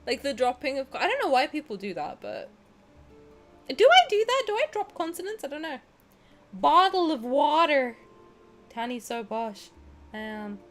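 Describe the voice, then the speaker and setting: A woman's voice: high voice, wildly swooping pitch, normal speed, soft background music. Bubbly Southern English woman streamer. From South of England. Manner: bubbly, giggly, self-mocking. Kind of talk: casual game stream chat.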